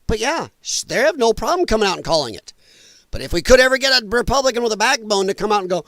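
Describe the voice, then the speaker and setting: A man with a fairly high voice runs his own live commentary stream, heated and mocking as he rants. The sound is dry and close, with no room around him. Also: big pitch swings, fast, a bit bright, no echo. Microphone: headphones and desk mic.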